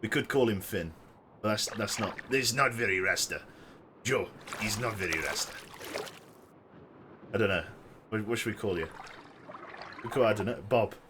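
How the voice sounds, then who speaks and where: A man's voice: lowish voice, normal speed, long pauses, noisy background. A man streaming a survival game, chatting casually in a rambling, sweary, self-amused way into a desk mic. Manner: rambling, sweary, joking to himself. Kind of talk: casual gameplay commentary.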